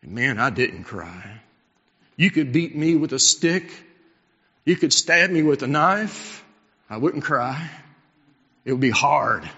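Fervent preacher man, bright voice. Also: mid-range voice, animated, slow pace, long pauses, slightly rough, big-room sound, dull audio. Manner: impassioned preaching, swinging from loud to hushed. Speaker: pastor. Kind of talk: sermon.

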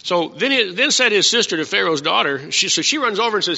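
A man's voice: high-pitched, lively intonation, fast talker, creaky, few pauses, bright, forceful tone, big-room sound, lo-fi sound. A man preaching a casual, conversational sermon, asking his congregation questions as he teaches.

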